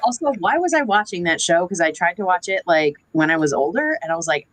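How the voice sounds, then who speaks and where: A woman chatting casually in a sewing circle, telling lively stories. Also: on the low side, quick pace, hardly any pauses, poor audio. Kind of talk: casual chat.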